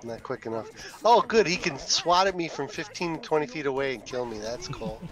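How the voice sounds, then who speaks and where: A man's voice: fairly high pitch, expressive, moderate pace, fairly bright tone. Chatty man reacting mid-game. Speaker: podcast co-host and player. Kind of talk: casual gameplay chat.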